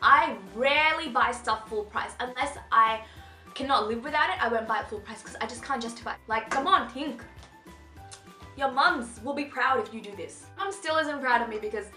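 Bubbly bright-voiced young woman, echoey room. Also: a little high, normal speed. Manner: bubbly, gushing, chatty. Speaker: fashion vlogger. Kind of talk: casual haul chat. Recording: echoey room with faint music.

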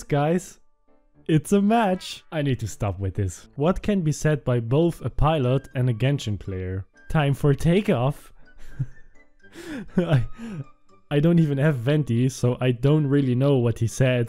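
A man's voice: mid-range voice, lively intonation, measured pace, dark tone, faint music behind. A young man hosting a video, reading jokes aloud in casual commentary and laughing at them often. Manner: giggly, laughs at his own readings. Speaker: meme-reading video host.

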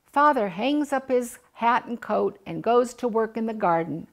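An older woman reading a children's picture book aloud, gently voicing the animals and family. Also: on the high side, animated, a little slow. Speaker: storybook reader.

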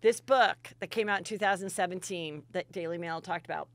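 A woman hosting a comedy podcast, chatting in a gossipy, animated way and telling stories with loud impressions. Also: lowish voice, a little fast, dry recording. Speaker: podcast host. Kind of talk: casual comedic chat.

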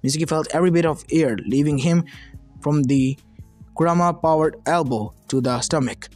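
A man's voice: fairly high pitch, moderate pace. Man reading fan fiction over lofi. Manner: plain reading with slips. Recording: soft lofi music behind.

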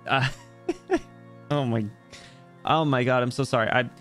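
A man's voice: mid-range voice, fairly even intonation, a little slow, a bit bright, soft background music. A young man streaming a video game, rambling and joking with his chat while he plays. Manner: rambling, jokey, talks to chat while playing. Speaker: VTuber streamer. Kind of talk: casual gaming livestream chat.

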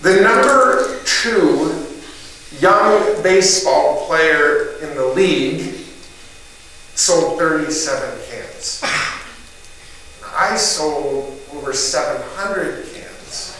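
A middle-aged motivational speaker with a high voice acts out a childhood story, putting on the voices of neighbors and shouting their lines. He is heard from a distance in a big, booming hall with noise around him. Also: slow. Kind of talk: storytelling keynote speech. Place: event hall in front of a live group.

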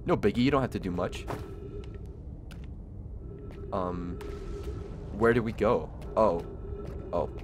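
A young man giving casual let's-play commentary, excitable and stammering over restarts, yelping when startled. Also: fairly low pitch, takes it slowly, long pauses, soft background music. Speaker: gaming YouTuber.

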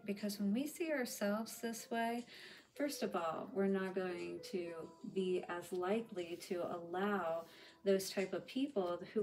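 A woman's voice: on the low side, slight background noise. A woman giving a spiritual tarot reading in a chatty, reassuring way, with lots of "you know" fillers. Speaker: tarot reader.

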